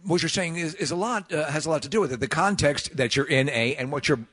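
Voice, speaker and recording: A man's voice: a little high, quick pace, a bit bright. A man from the northeastern United States hosting a casual chat, rambling and often restarting his sentences. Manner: rambling, self-correcting. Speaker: host.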